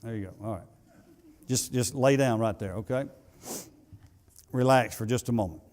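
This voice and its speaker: A pastor preaching a sermon in a church, building to emphatic peaks and then dropping to soft asides, with some halting repeats. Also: male voice, medium pitch. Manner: halting repetitions. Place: church sanctuary.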